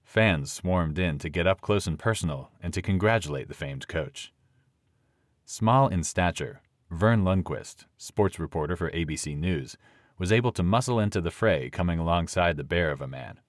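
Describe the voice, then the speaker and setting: Deep-voiced male audiobook narrator. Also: animated, normal speed, dry recording, studio quality.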